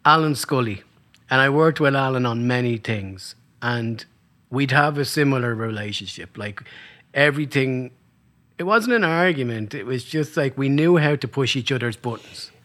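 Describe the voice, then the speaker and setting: A man's voice: mid-range voice, normal speed, fairly bright tone. A man from Ireland hosting an interview, talking casually and reflectively with frequent fillers. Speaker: interview host, sound mixer. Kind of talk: conversational interview.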